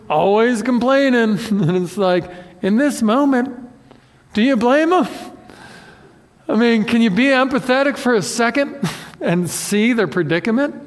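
A man with a notably high voice preaches a conversational sermon, animated and self-deprecating, often acting out what people say. His voice carries a long reverb, as if he is speaking in a hall. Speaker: pastor.

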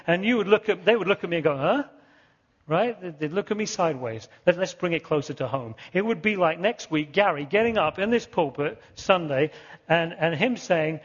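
High, husky-voiced British-born preacher. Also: male voice, moderate pace, in a large hall, highs cut off. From Britain. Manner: animated storytelling preacher, repeating key words for emphasis. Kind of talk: sermon.

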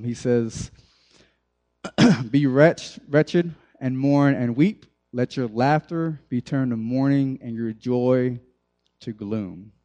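Young male youth preacher, mellow tone, loose talk to a room of teens. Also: mid-range voice. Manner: conversational, many fillers and restarts, addresses the group directly. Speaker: youth pastor. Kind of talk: casual sermon.

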